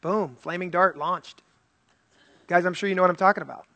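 A man's voice: high-pitched, a little fast, bright, forceful tone, no echo. A male pastor preaching an earnest, conversational sermon and reading scripture aloud.

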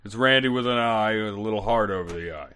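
A big, goofy homeless werewolf, voiced by a man, cheerful and joking in deadpan. His voice sits low for a man. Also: fast talker, smooth, lightly acted.

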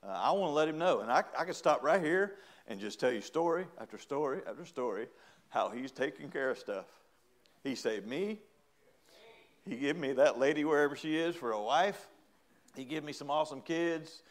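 This middle-aged preacher keeps things folksy and comic, impersonating small quoted voices and swelling into loud, emphatic praise. He sounds a little high and animated, at a moderate pace.

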